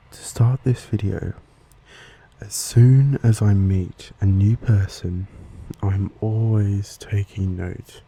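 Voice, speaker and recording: A man with an Australian accent, giving a soft-spoken ASMR lesson into a stereo microphone and pronouncing each word slowly and carefully. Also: lowish voice, slight background noise. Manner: slow, careful, gentle enunciation. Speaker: ASMR channel host. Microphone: Blue Yeti microphone, stereo.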